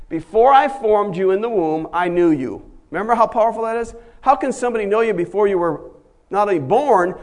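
A male pastor preaches a sermon in a fairly high voice, building emphatically to loud, forceful peaks and then sinking into quiet, low stretches. When he quotes figures, he acts out their voices.

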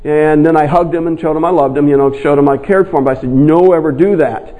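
Older male pastor, high voice, folksy and animated sermon delivery. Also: fast, poor audio. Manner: folksy, animated storytelling with sudden emphasis. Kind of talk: sermon with personal story.

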